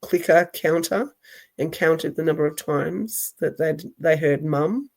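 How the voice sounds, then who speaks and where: A woman co-hosting a casual podcast, reflective and quick to laugh. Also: low-pitched, darkish tone. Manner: slow, reflective, laughs often. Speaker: podcast co-host. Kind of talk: casual chat.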